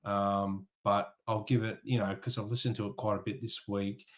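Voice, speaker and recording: Man, low voice, co-host, casual album review, frank, hesitant. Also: little pitch movement, normal speed.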